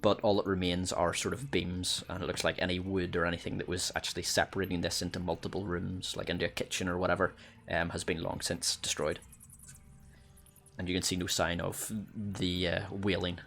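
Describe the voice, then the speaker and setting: A man's voice: deep voice, little pitch movement, normal speed, gravelly, fairly bright tone, soft background music. A man narrating as game master of a tabletop game, hesitant, full of ums and restarts.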